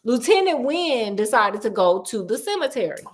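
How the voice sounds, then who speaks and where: A woman casually recapping a horror novel, animated and playful, acting out characters' lines in quick asides. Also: on the high side. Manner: playful and sassy. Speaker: book recap host. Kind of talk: casual book recap storytelling.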